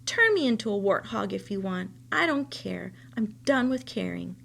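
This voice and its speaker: A weary toy rabbit mutters his bitter thoughts in a quiet, flat, gravelly voice, as a woman reading a storybook voices him. He sounds worn out and past caring. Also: medium pitch, brisk, a little hiss or hum. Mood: despairing.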